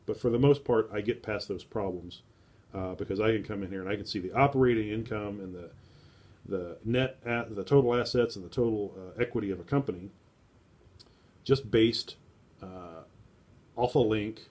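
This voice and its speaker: Male streamer, lowish voice, casual rambling monologue, filler-heavy. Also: a little mellow. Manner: rambling, thinking aloud with many fillers. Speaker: streamer browsing estate sale listings. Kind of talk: casual live-stream musing.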